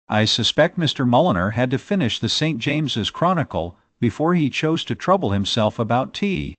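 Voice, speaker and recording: Male audiobook narrator, classic novel, lively pitch, dry close sound. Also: moderate pace, few pauses, dry recording.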